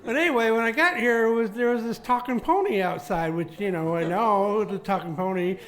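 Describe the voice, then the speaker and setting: A man at an open mic jam telling a halting, rambling tall tale between songs, repeating words as he goes. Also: high voice, a bit bright. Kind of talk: rambling stage banter.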